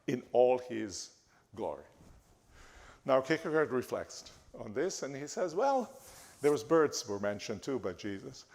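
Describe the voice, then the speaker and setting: A man giving a talk in a church, speaking haltingly with frequent restarts and fillers. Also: medium pitch, vocal fry, a little mellow. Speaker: guest speaker. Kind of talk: church lecture. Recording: reverberant church hall.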